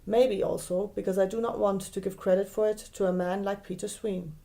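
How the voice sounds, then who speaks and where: German woman, mellow and deliberate. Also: mid-range voice, steady tone. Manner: clear, careful, slows down to spell out German words. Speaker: podcast host. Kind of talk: scripted explanatory monologue.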